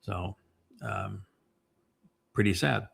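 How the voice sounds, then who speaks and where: A man hosting a podcast, talking through casual commentary in a meandering way, with many fillers and restarts and a slower pace on the points he stresses. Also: fairly low pitch, gravelly, fairly bright tone, breathy edge. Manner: emphatic, slows down on key points. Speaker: podcast host.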